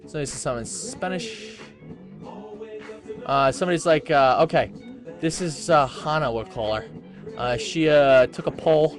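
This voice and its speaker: A rambling male host talks loosely into a webcam mic at home, his voice sitting a bit high for a man. He reads posts aloud and breaks off into asides, full of fillers. Faint music plays behind him. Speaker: internet radio host. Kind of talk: casual rambling webcam talk. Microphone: webcam microphone.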